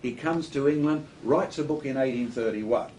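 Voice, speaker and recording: A man speaking as a talk-show guest, lecturing in an animated storytelling way with joking asides. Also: medium pitch, moderate pace, echoey room, a little hiss or hum, low-quality recording. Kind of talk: studio talk show discussion.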